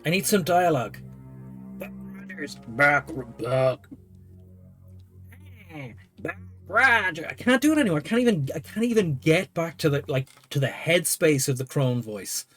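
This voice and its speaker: A man's voice: a little high, animated, a little fast, hardly any pauses, soft background music. Joking man voicing a game. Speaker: game player voicing characters. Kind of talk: casual let's-play chat.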